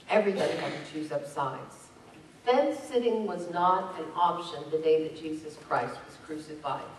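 A woman's voice: lowish voice, a little mellow, slight background noise. A woman pastor preaching a sermon, reading scripture aloud and driving points home with rising emphasis. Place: church sanctuary. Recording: echoey church from a distance.

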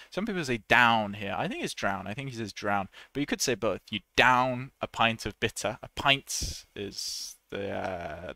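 A man teaching an English lesson in a chatty, relaxed way, laughing often and acting out short example voices. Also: fairly low pitch, no room sound. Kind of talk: casual online English lesson.

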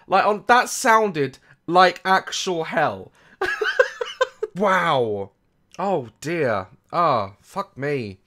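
A young man giving reaction commentary on a video, mocking it, swearing, laughing often and swinging between loud outbursts and muttered asides. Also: on the high side, sing-song, extremely slow. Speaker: YouTuber reacting to a music video.

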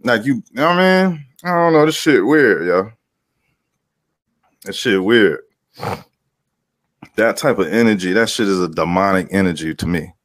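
A man's voice: lowish voice, lively intonation, normal speed, long pauses, no room sound, studio quality. A man doing heated, profane ranting commentary, emphatic and repetitive, greeting his viewers as he goes. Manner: heated, emphatic, swears a lot, repeats himself. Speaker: vlogger.

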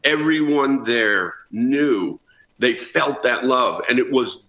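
A man's voice: mid-range voice, slow pace. A man in his sixties, a former ballplayer guest telling stories earnestly in a remote news interview. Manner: earnest, animated storytelling. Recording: roomy, dull remote feed.

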